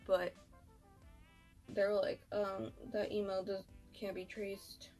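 A woman's voice: medium pitch, flat delivery, slow pace, a little mellow, faint music behind. A young woman telling a story in casual chat, slangy and filled with "like," swearing freely. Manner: slangy, swears, many likes. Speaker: beauty vlogger.

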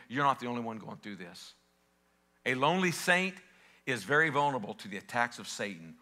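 Fiery pastor with a bright, ringing voice. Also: male voice, a little high. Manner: swings from loud shouting peaks to quiet storytelling; passionate, calls out to the congregation. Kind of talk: sermon. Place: church sanctuary.

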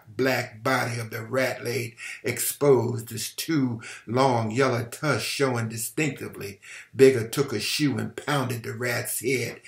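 Male reader, gravelly, mid-range voice, echoey room, novel read-aloud with small stumbles. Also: medium pitch, fairly bright tone. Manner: dramatic, with stumbles and rereads. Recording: roomy echo.

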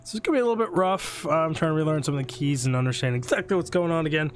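A man's voice: fairly high pitch, racing. A young man hosting a gaming channel while sick and losing his voice, rambling casually to his viewers in a self-deprecating way. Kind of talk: casual gameplay commentary.

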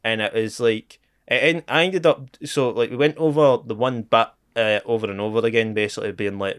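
A man's voice: on the low side, steady tone, brisk. Young Scottish man telling a story. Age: young adult. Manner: swears freely, laughing at his own story. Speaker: comedian guest. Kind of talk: casual chat.

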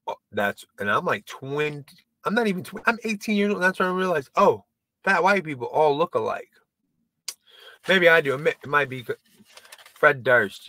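A man's voice: mid-range voice, bright, forceful tone. A man doing a casual stand-up monologue to camera, rambling and self-deprecating, swearing and stumbling over restarts. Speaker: comedian and video creator.

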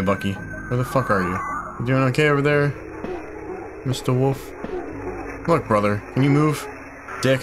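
A young man commentating a horror game as he plays, frustrated and confused, swearing often and breaking into loud startled yelps. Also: medium pitch, normal speed, pauses often. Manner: frustrated, swearing a lot, bursts of loud surprise. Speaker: gaming YouTuber. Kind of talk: let's play commentary. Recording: game music playing behind.

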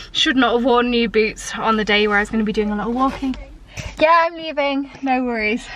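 A woman's voice: high-pitched, bright, forceful tone. A young woman talking to camera in a casual, chatty, giggly way. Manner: chatty and giggly, rambling, self-mocking. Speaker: lifestyle vlogger. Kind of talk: casual vlog chat to camera.

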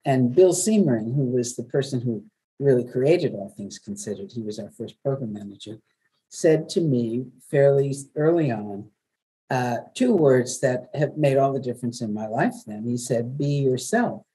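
An older woman from New York, a veteran radio journalist, telling stories in a chatty, lively way as an interview guest. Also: extremely low pitch, moderate pace, husky, poor audio. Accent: New York, softened. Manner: warm, chatty storyteller with laughs. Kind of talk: webinar interview.

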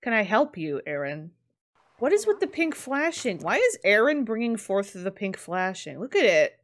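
Woman, game streamer, chatty, excitable, lively swooping pitch. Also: moderate pace. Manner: chatty, excitable, laughs often. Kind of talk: casual let's-play commentary.

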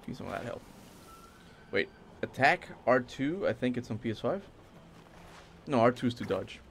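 Young guy streaming a game, super lively pitch, hyped and cussing, chatting w chat. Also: normal speed, gravelly, slight background noise. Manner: excitable, swears freely, talks to chat. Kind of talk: casual livestream gameplay commentary.

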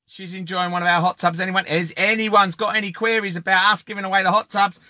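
A man's voice: high voice, steady tone, quick pace, dry recording, studio quality. A man hosting a casual live-stream giveaway, joking and calling out viewers by name. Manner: jokey, chatty, shouting out viewers by name.

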